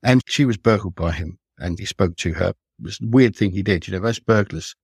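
An older man, a retired police detective, recounting his cases in an earnest, measured, reflective way as a guest on a podcast. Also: deep voice, a little mellow, breathy edge, dry recording.

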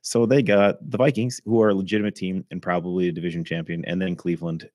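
Casual male podcast host, very low voice, a bit hoarse, chatty with filler words. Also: flat delivery, fast talker, a little mellow, dry recording, clean studio sound. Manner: conversational, frequent ums and throat clearing. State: slightly hoarse, something in his throat. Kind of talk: casual fantasy football recap.

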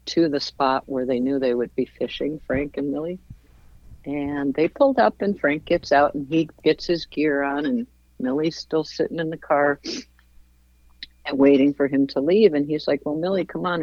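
Woman spinning a fishing story, slow and kinda low, dull dry sound. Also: lively intonation, no room sound. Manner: slow, warm anecdote-telling with voiced quotes and laughs. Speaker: guest. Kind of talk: storytelling in a casual interview.

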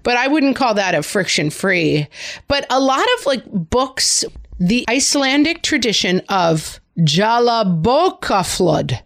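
Animated woman chatting playfully. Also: slow pace. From Irish heritage, family in North America. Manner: animated, playful storyteller with big pitch swings. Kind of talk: casual chat.

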